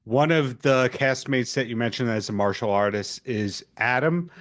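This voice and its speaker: A male podcast host with a voice of ordinary pitch leads an interview. He frames his questions at length, speaking in a measured, conversational manner. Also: a bit bright.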